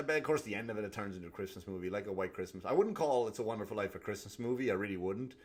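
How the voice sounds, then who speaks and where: A man hosting a comedy podcast, ranting alone in a profane, animated way. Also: lowish voice, rapid-fire, hardly any pauses. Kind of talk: solo comedic rant.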